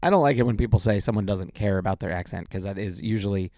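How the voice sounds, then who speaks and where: A man co-hosting a podcast, chatting casually about movies in a rambling, animated way with many restarts. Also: on the low side, fast talker, dry recording, studio quality. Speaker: podcast co-host.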